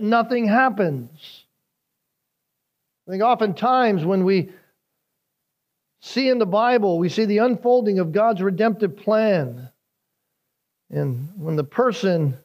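Pastor, man, sermon delivery; unhurried, earnest, builds to emphatic peaks, some repeats. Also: high voice, a little mellow. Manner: earnest preaching, rising in emphasis on scripture.

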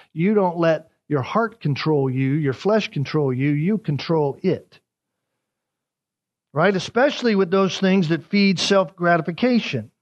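A male pastor preaches verse by verse and leans on repetition to drive each word home. His voice sits a little high for a man. The recording is dull and lo-fi, with muffled highs. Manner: emphatic, repeats key words for emphasis. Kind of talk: expository sermon.

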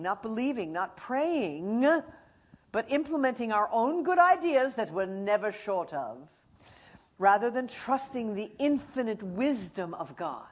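A middle-aged woman teaching from the Bible, telling stories with energy and acting out animals and friends. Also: a little high.

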